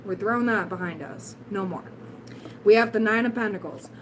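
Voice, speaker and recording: A woman with a raspy, hoarse voice giving a casual livestream tarot reading, blunt and encouraging with giggly asides. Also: medium pitch, normal speed, noisy background. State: hoarse, voice recovering. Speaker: tarot reader, livestream host.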